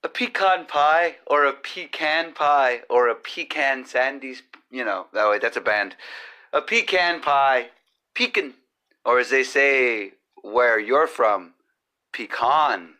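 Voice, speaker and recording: Slow, bright-voiced, foul-mouthed comic host. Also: male voice, medium pitch. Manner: profane, rambling and jokey. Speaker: podcast host. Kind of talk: crude comedic monologue. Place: home kitchen with cooking going on.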